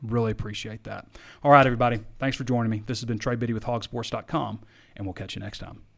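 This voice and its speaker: Man, sports podcast host, casual rambling chat, mid pitch, slightly worn voice. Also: steady tone, quick pace, vocal fry, a bit bright, slight background noise. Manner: rambling, hesitant, repeats himself. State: voice wearing out. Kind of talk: casual chat answering listener questions.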